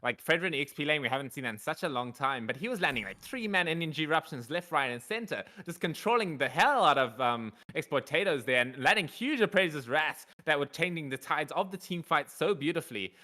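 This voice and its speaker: A man casting a live esports match in an excitable, casual way, full of slang. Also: fairly high pitch, fairly quick, few pauses. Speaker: esports caster.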